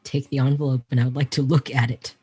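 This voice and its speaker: A player at a tabletop game who talks in a deadpan way with dry humor. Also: medium pitch, quick pace, husky, dry recording. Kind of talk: casual tabletop play.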